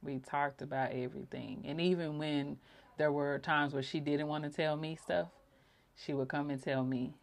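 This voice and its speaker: Low-voiced woman sharing heartfelt stories. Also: fairly even intonation, moderate pace, vocal fry. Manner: heartfelt, emotional storytelling with bursts of laughter. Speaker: podcast host. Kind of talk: personal reflective monologue.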